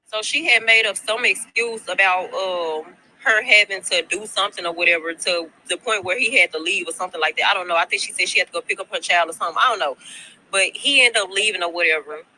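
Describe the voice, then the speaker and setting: Woman spinning a gossipy storytime, chatty and cursing, with a piercing bright tone. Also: fairly low pitch, fast talker, slight background noise, rough recording. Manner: chatty, slangy and profane, repeats herself. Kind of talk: casual storytime to followers. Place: at her workplace.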